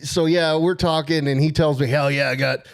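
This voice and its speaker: A man co-hosting a casual sports podcast, telling a long story in an excited, rambling way. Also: on the high side, normal speed, smooth. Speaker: podcast co-host.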